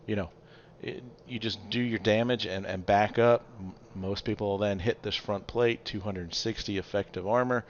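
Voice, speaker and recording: A man giving a relaxed, chatty game review with lots of fillers and little chuckles. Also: on the low side, highs cut off, slight background noise. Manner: chatty, loose, many fillers, chuckles often. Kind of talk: casual gameplay commentary.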